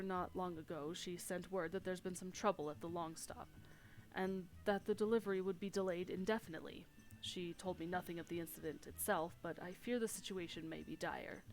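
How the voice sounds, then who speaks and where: A woman reading the lines of an older male sea captain in a measured, formal way. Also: fairly low pitch, close to an everyday voice.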